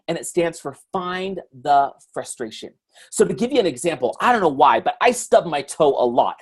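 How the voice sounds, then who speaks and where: Husky man giving an animated motivational talk. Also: on the high side. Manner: animated, acts out his own reactions. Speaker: motivational speaker.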